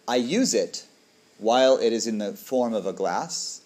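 A man's voice: medium pitch, expressive, a little slow, a little mellow. A man, a dharma teacher, giving a reflective, conversational talk to a group and often asking "right?".

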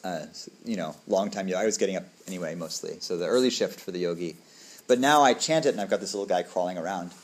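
A man's voice: lowish voice, fast, a little mellow. A man, a dharma teacher, giving a reflective, conversational talk to a group and often asking "right?".

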